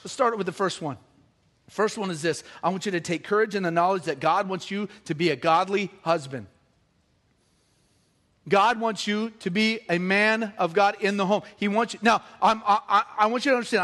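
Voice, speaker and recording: A middle-aged man preaching a sermon, animated and joking with the congregation. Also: sits high, a little fast. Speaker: pastor.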